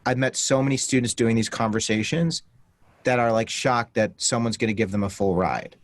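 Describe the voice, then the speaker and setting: A man's voice: mid-range voice, normal speed, no echo. A man hosting an interview with students, asking questions with frequent restarts. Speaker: host. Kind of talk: interview conversation.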